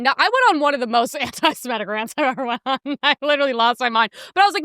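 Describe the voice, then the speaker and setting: A young woman with a high, bright voice that swoops all over as she rants on her podcast. She talks in heated, profane bursts and mimics people loudly, close to the mic in a dry room. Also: big pitch swings, quick pace, few pauses, no echo. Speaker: podcast host. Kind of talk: casual ranting commentary.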